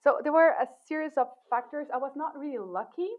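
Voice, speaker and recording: A woman academic being interviewed, talking in a thoughtful, relaxed way with many fillers and restarts. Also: high-pitched, brisk. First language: not English. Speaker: assistant professor, guest. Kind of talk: casual interview talk. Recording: tinny phone-like line.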